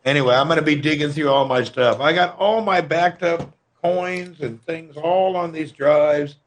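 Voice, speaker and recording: A man's voice: fairly high pitch, moderate pace. A man chatting as a guest on a video call, grumbling as he talks. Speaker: livestream guest. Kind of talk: casual video call chat.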